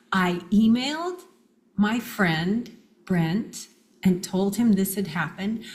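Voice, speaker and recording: A middle-aged woman, a guest in an interview, telling personal stories in an animated way and acting out quoted dialogue. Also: medium pitch.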